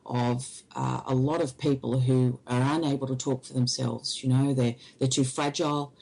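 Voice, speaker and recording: A woman, an interview guest, recounting a personal experience in halting, hesitant speech. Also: rumbling low, steady tone, vocal fry, a little mellow, slightly rough, rough recording.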